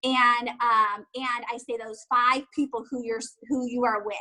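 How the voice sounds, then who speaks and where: High, bright-voiced chatty woman. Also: steady tone, poor audio. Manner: fast, chatty, full of "like" fillers. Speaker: guest, network marketing distributor. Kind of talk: casual interview chat.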